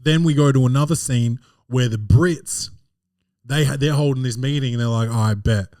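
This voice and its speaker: Animated, profane male podcast host. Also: mid-range voice, moderate pace, dry recording, clean studio sound. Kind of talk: comedic film recap.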